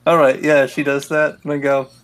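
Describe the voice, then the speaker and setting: A man's voice: fairly high pitch, little pitch movement, moderate pace. A man playing a tabletop game, laughing often as he describes his moves. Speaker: player. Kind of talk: casual tabletop play.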